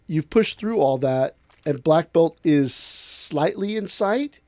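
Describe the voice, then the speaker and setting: A somewhat high, mellow male voice in a dry, close recording. He is an aikido instructor talking casually on a podcast. He tells stories with energy and acts out what other people said. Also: slow, no echo. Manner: animated storyteller acting out other people's voices.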